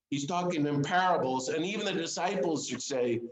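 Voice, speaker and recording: A man's voice: on the high side, expressive, moderate pace, hardly any pauses, echoey room, poor audio. A man giving an informal sermon to a small group, earnest and conversational, putting direct questions to his listeners. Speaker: speaker of a Lenten series.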